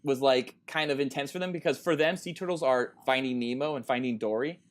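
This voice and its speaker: A man in his thirties co-hosts a casual podcast, rambling through a long story full of ums and uhs. His voice is mid-range and he talks fairly quickly.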